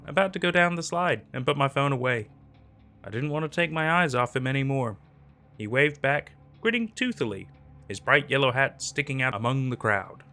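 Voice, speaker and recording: A man's voice: medium pitch, bright, forceful tone. A man narrating a scary story in a dramatic, tense scripted style over faint background music.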